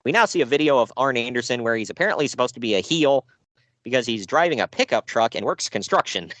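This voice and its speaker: A man co-hosting a casual podcast about wrestling shows, sarcastic and animated, laughing often. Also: medium pitch, quick pace, dry recording.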